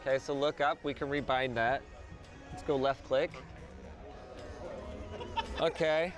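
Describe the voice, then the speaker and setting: A man hosting a tech video, commenting excitedly as he tries games and software. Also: medium pitch, measured pace, music in the background. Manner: excitable, exclamatory while gaming.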